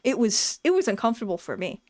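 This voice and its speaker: Frank, high-voiced woman telling stories. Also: fast, dry recording, clean studio sound. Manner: frank, profane, animated storytelling. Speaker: streamer reading chat, former vet clinic worker. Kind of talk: casual storytelling chat.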